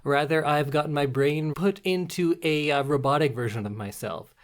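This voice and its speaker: A woman hosting a podcast in casual chat, spinning absurd bits in a deadpan way. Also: low voice, moderate pace. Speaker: podcast host.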